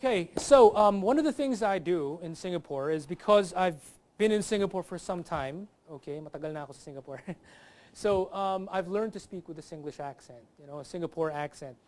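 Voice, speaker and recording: A man's voice: sits high, a little fast. Man doing a comedy bit. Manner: lively, does accent impressions. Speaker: comedian guest. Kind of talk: stand-up comedy bit on a talk show.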